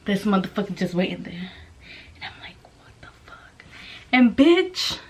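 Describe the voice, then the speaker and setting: A woman's voice: mid-range voice, a bit bright. A young woman casually telling a storytime vlog, brash and profane, laughing as she goes. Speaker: vlogger.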